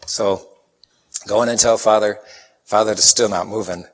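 A preacher from Chicago delivers a sermon full of folksy, animated stories, acting out the people in them with their quoted words. His voice is on the low side and slightly rough, with a measured pace, and long hall reverb surrounds it.

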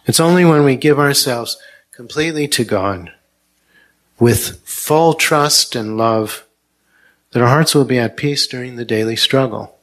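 A man preaching a sermon in a slow, gentle, earnest manner. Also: medium pitch.

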